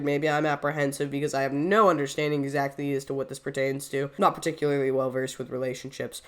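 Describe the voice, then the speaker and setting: A woman hosting a reaction video, who is sick and coughs. She rambles in casual commentary, wordy and full of self-doubt. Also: sits low.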